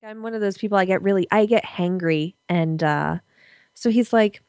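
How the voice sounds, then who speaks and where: A woman's voice: medium pitch, moderate pace, darkish tone, clean tone, no echo. A pregnant woman in her thirties guests on a podcast and tells candid stories, laughing often. Her voice sits in a middle range, and it is recorded dry and close. She talks freely and without holding back. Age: 30s. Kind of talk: casual chat.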